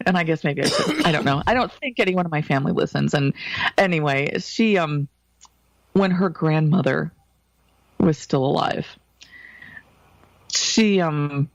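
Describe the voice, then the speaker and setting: A woman's voice: sits low, lively intonation, unhurried, creaky, pauses often, dry recording. A woman co-hosting a podcast, telling a story in a casual, chatty way and laughing often. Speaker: podcast co-host. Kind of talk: casual chat.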